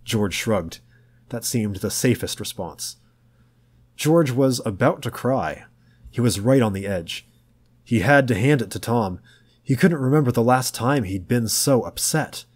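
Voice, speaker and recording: A man reading a novel aloud as an audiobook narrator in a slow, measured, low-key manner. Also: lively intonation, a little mellow, breathy edge. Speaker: audiobook reader.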